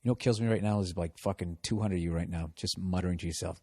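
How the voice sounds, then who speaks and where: A man's voice: low-pitched, steady tone, fast, mellow, slightly rough, dry recording. Sarcastic Boston man with a dry voice. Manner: sarcastic, mocking, profane. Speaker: podcast host reading listener mail. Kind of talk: casual comedic rant. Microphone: studio podcast mic.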